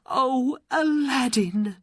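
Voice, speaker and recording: A poor, caring mother frets in raised, anxious exclamations. A storyteller puts her on for a storybook reading. The voice is breathy and dry. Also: high-pitched, very slow, a bit bright, no room sound, pitched above the performer's own voice, heavily acted. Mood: worried.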